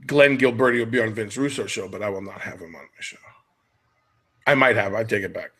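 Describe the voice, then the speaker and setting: A man's voice: lowish voice, brisk, pushed and bright, husky. A middle-aged man hosting a podcast, chatting casually and jokily as he wanders off on tangents. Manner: rambling, jokey, jumps between tangents. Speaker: podcast host.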